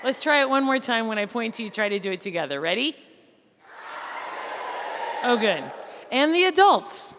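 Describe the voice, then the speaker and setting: A woman's voice: fairly high pitch, sing-song, moderate pace, long pauses, background noise. A woman teacher leading an audience through a call-and-response poem, coaxing them to make animal sounds. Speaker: teacher leading a school poetry event. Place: school hall or gym, indoors. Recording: echoey hall, faint room ambience.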